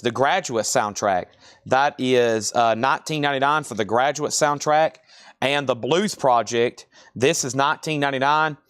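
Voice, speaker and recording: A man runs a live online record sale, calling out prices and buyers in a brisk, chatty patter. His voice sits at an ordinary middle pitch. The sound is dry and close, with no room echo. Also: smooth.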